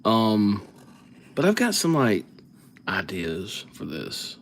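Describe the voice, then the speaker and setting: A man's voice: fairly low pitch, wildly swooping pitch, takes it slowly, slight background noise. A man hosting a live calligraphy stream, chatting casually and rambling as he thinks aloud between names. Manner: rambling, easygoing, thinks aloud while writing. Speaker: livestream calligraphy host.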